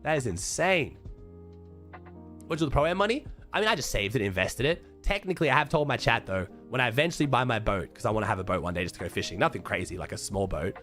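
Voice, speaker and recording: A young Australian man streaming and chatting to viewers, hoarse and thick-voiced from a chest infection, talking loosely with lots of swearing and trailing off into quieter mumbles. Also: mid-range voice, expressive, quick pace. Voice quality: thick and raspy. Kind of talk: casual livestream chat. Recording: faint music playing behind.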